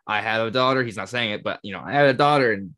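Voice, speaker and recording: A man with a fairly low voice co-hosts a casual podcast. He talks through game lore loosely, hedging and trailing off now and then. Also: quick pace, sharp tone, slight background noise. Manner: explains game lore, trails off, laughs often. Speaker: podcast co-host. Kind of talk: casual chat.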